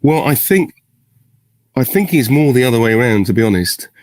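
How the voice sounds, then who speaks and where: A man's voice: medium pitch, expressive, moderate pace, darkish tone, no echo. A middle-aged man, answering fan questions in a casual video Q&A and thinking aloud in rambling, self-interrupting, good-humoured talk. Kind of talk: casual virtual Q&A. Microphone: video call.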